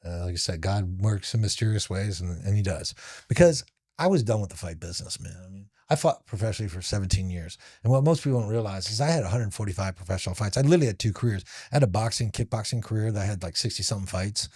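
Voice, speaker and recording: A man, a former professional fighter, who is a podcast guest and tells a story in casual conversation. He is animated and talks in restarts, full of "like"s. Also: fairly low pitch, quick pace, slightly rough.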